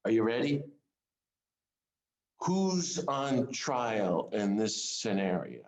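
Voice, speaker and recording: A man's voice: lowish voice, big pitch swings, slow pace, echoey room, rough recording. A man giving an informal sermon to a small group, earnest and conversational, putting direct questions to his listeners. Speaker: speaker of a Lenten series.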